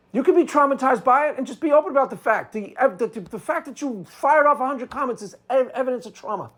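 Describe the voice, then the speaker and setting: A man's voice: extremely high pitch, a bit bright. Male video commentator, unscripted monologue, sarcastic and combative, hammers each point twice.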